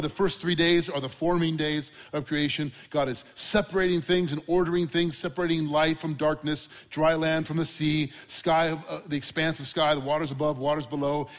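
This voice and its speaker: Male pastor, fairly high-pitched, lively preaching style, long church reverb. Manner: animated, conversational preaching with asides to the congregation. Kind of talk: sermon.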